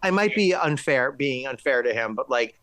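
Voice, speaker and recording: A man talking about films in casual chat, quick and enthusiastic, with many restarts. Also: mid-range voice, expressive, fairly bright tone. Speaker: film critic.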